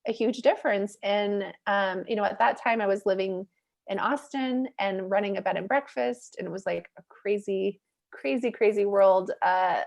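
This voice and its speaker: A woman speaking as a podcast guest, recounting her own experience in a lively, conversational flow. Her talk is loose and candid, sprinkled with "like" and "you know". She laughs readily between thoughts, in a voice of ordinary middle pitch. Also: normal speed, gravelly. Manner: animated, chatty, peppered with "like" and "you know"; laughs easily while telling stories. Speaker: guest, mindset coach and facilitator. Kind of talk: candid personal storytelling in a podcast interview.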